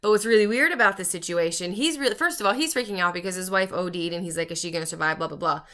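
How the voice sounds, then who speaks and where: A woman's voice: medium pitch, lively intonation, fast, a bit bright. A young woman vlogger chatting casually about a book while doing her makeup, full of fillers and acting out the characters' lines. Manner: chatty, many fillers, acts out quoted dialogue.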